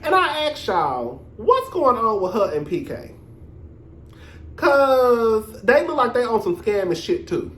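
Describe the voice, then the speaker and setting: A man hosting his own reality TV review vlog, talking in a sassy, animated, profane gossip style with drawn-out emphasis. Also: very high-pitched, reverberant. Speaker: reality TV reviewer, show host. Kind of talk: casual commentary vlog.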